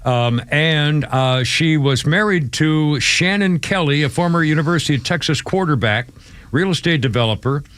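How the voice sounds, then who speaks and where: Lively-voiced laughing radio co-host. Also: male voice, on the high side. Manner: laughs often, quick reactions, halting asides. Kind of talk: live radio banter.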